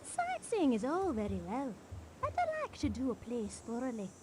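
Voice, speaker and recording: In a video game role, an actress plays a gossipy middle-aged wife on holiday with a northern English accent, gushing and constantly prompting her husband to agree. Her high voice swoops wildly in pitch at normal speed, against heavy background noise.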